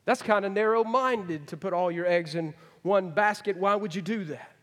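A middle-aged man preaching a folksy sermon, swinging from emphatic to hushed. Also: sits high, normal speed. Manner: folksy, rising to emphatic then dropping to hushed. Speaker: pastor. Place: large church hall. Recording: long hall reverb. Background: congregation.

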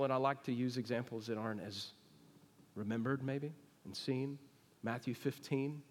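A man preaching a sermon to a congregation, talking it through in a conversational way and often asking the people questions. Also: medium pitch. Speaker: pastor. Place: church sanctuary. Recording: long reverb of a church hall.

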